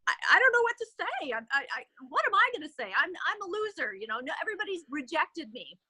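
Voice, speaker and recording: A woman's voice: high voice, expressive, moderate pace, sharp tone, exaggerated voice. A woman voicing a discouraged, stammering young male writer as she tells a story on a video call. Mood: defeated. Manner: stammering, self-doubting.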